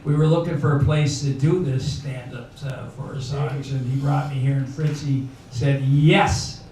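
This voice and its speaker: A man's voice: medium pitch, steady tone, moderate pace, warm tone. An older man emceeing a live benefit show, chatting in a rambling way with many fillers. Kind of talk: live event hosting. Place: indoor bar venue. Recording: echoey room from far off with crowd noise.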